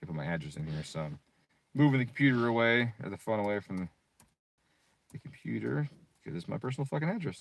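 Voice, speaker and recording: A man's voice: lowish voice, lively intonation, vocal fry. A man casually walking through a tuning website, cursing freely and breaking into irritated rants. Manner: profane, quick to rant. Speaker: car tuner and streamer. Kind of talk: casual profane screen walkthrough.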